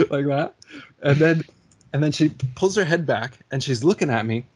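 A man in his forties recounting a personal anecdote in casual conversation, animated and laughing often. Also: fairly high pitch, normal speed, husky. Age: 40s.

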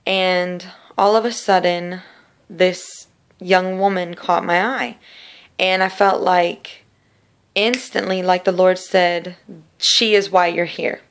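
A woman's voice: lowish voice, steady tone, smooth. A woman sharing a personal faith testimony in an earnest, casual storytelling way, often repeating words. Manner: earnest, repetitive, slow in places.

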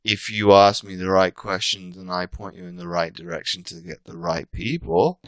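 A very low-pitched British man in his thirties, chatting casually as a podcast guest. He rambles and keeps restarting his sentences. The sound is dry and close, with no room echo. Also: animated, moderate pace. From Britain. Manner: rambling, frequent restarts and self-corrections. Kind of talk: casual interview chat.

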